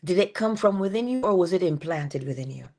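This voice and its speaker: A woman giving a morning motivational talk, dropping at times into a soft whisper and drawing out key phrases slowly. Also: lowish voice, lively intonation. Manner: shifts between full voice and soft unvoiced whisper; drawn-out, emphatic delivery with slowed phrases. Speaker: inspirational speaker.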